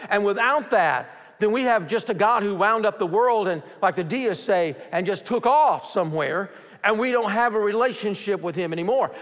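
A man preaching a sermon as pastor, rising to forceful emphasis and sinking low and quiet to voice a doubter. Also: long reverb tail.

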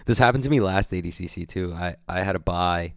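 A man's voice: sits low, a little fast, gravelly, no echo, studio quality. A young man recapping his competition day in a casual vlog, swearing freely and rambling with lots of "like" and filler words. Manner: profane, rambling, full of likes and fillers. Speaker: grappling competitor.

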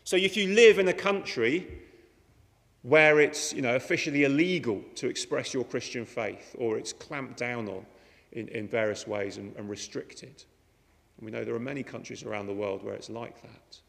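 Gravelly preacher in a reverberant hall. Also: male voice, mid-range voice, normal speed, a bit bright. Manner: conversational, many rhetorical questions. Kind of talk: sermon.

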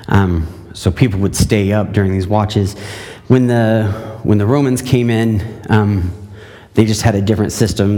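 A man's voice: on the low side, dark tone. Man preaching in an echoing hall. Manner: conversational, with frequent fillers and restarts. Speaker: pastor. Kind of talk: sermon with scripture reading.

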